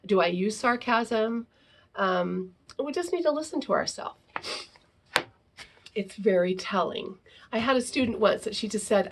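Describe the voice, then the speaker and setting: A woman with a gravelly, slightly husky voice talks parents through a lesson in a relaxed, informal way. She keeps checking in with a quick "right?" after her points and now and then slips into acting out short example phrases. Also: medium pitch. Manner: peppers sentences with tag question "right?"; acts out example phrases to children. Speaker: parenting educator and teacher. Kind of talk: informal teaching talk to parents.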